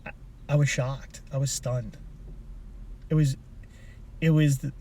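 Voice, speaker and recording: A man with a medium-pitched, steady, dark voice speaks slowly over a little hiss or hum. He's a personal development coach telling a motivational story from inside his car. His casual, rambling delivery is full of restarts and asides.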